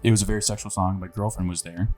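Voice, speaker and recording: A man's voice: sits low, fairly even intonation, racing, a little mellow, faint music behind. A young man co-hosting a podcast, telling a story in a laid-back casual chat. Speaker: podcast co-host.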